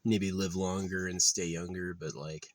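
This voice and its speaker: A man's voice: low voice, flat delivery, a little slow, no room sound. A man talking straight to the camera in a casual, rambling vlog, profane and easily heated. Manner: profane, rambling, gets loud and heated when ranting. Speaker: vlogger.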